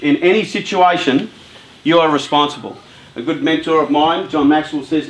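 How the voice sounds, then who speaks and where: A man giving a motivational talk to a group of young people, chatty and lively, telling stories and putting questions to the audience. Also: a little high, moderate pace, reverberant, poor audio. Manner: lively, chatty storyteller who talks with the audience. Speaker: youth workshop speaker.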